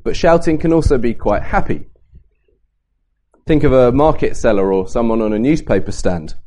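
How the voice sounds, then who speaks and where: A man giving a Bible talk at a camp, lively and varying his pace and emphasis to make points. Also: mid-range voice, normal speed, a little hiss or hum. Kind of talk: sermon to a youth camp.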